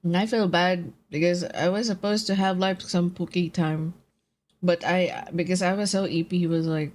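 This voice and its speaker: A young woman streamer chatting casually with viewers in a low, groggy voice from just waking up, laughing and swearing easily while she eats. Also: fairly even intonation, moderate pace, a little mellow. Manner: laid-back, laughs often, swears casually, chats with viewers while eating. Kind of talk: casual live-stream chat.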